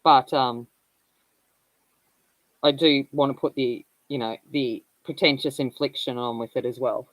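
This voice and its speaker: A woman's voice: a bass voice, steady tone, unhurried, long pauses, no room sound, rough recording. A woman in her forties chatting casually as she hosts a colouring stream, telling rambling, candid stories and laughing often. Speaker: colouring livestream host. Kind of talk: casual chat.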